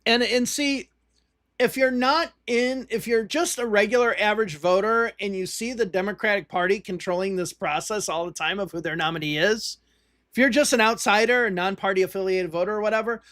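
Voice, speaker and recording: A man with a high voice rambles through election returns, restarting his sentences as he goes. The sound is close and dry, with no room around it, and he talks like a host chatting on a livestream. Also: brisk, fairly bright tone, no echo. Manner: rambling, restarts, thinks aloud while reading results. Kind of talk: casual live commentary on election results.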